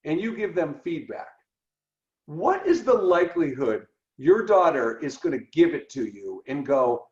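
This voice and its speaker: A man co-hosting a podcast, talking through ideas in an animated way and acting out quoted dialogue. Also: a little high, normal speed. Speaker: podcast co-host. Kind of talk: conversational podcast discussion. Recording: roomy, dull lo-fi sound.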